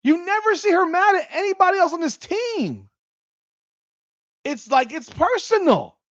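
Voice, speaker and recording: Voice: very high-pitched, big pitch swings, measured pace, no echo, dull audio. A sports commentary host ranting on a livestream, profane and heated.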